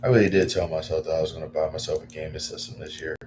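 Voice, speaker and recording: A man chatting casually on a livestream, rambling with lots of fillers and breaking into excited bursts. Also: a bass voice, very fast, slight background noise.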